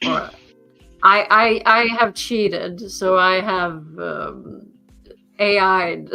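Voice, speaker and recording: A woman hosts a casual livestream chat in a slow, gravelly voice with a bright edge. She hesitates often and leans on fillers. Faint music sits behind her. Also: lowish voice. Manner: hesitant, many fillers, laughing. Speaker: host.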